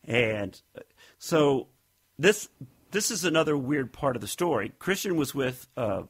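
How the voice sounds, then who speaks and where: A man's voice: mid-range voice, very animated, measured pace, slightly rough. A man co-hosting a casual podcast, telling rambling stories and acting out what people said. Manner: rambling storyteller, acts out quotes. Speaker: podcast co-host. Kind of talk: casual chat.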